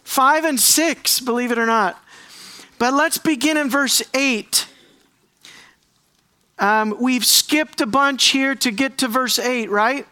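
Bright-voiced pastor teaching scripture. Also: male voice, very high voice, clean tone, no room sound. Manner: conversational, asks the congregation questions, slows for emphasis. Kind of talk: expository sermon.

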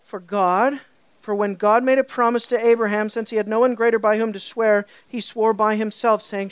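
A woman preaching a sermon. She asks her listeners questions and repeats points for emphasis. She builds to loud, high peaks and drops to a soft, low voice for scripture. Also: normal speed, clear, resonant tone, no echo. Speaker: pastor.

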